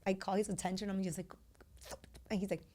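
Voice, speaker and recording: A woman's voice: medium pitch, very fast, slight background noise. A woman in her thirties from Latin America co-hosts a casual podcast chat. She tells stories animatedly, leaning on fillers and acting out quoted lines. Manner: animated storytelling, many fillers, acts out voices. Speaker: podcast co-host.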